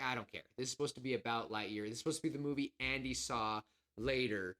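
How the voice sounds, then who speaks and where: A man co-hosting a podcast, rambling and excitable as he acts out scenes in casual chat. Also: mid-range voice, quick pace. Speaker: podcast co-host.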